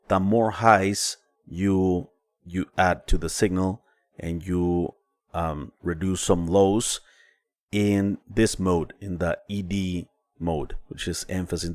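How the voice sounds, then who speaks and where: A man's voice: low-pitched, no room sound. A man hosting a casual music production livestream, explaining plugins with frequent fillers and restarts. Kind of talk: casual live-stream plugin demo.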